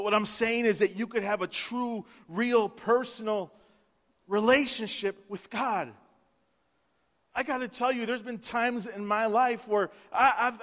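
A male pastor preaching an Easter sermon with passion, swinging between hushed lines and loud outbursts. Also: sits high. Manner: impassioned, swings from hushed to loud, acts out quotes. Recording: long hall reverb.

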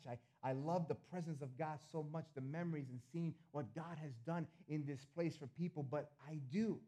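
Middle-aged male pastor, mellow and a bit high, earnest sermon delivery with repeated phrases. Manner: earnest, repeats phrases, swings between loud appeals and soft asides.

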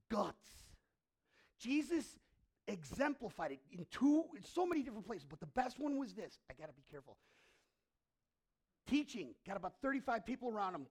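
A man preaching a sermon as pastor in a church, telling the story dramatically and swinging between loud, emphatic bursts and hushed passages. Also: high-pitched.

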